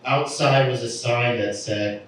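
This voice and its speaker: A man doing a stand-up set, telling stories in a deadpan way and acting out the people in them. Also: medium pitch, a little slow. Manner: deadpan storytelling with acted-out voices. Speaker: stand-up comedian. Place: comedy venue. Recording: echoey room from a distant mic.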